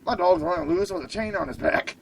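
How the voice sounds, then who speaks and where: A man hosting a radio show, telling a comic story in an excitable, profane way. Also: sits high, fairly quick, vocal fry, husky, low-quality recording.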